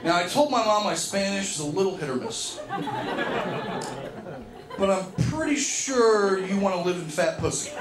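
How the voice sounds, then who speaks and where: A man in his thirties performing a stand-up comedy set, telling profane stories that break into shouted rants. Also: sits high, animated, normal speed, pauses often. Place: comedy club stage. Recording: live club recording with crowd noise. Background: audience laughter.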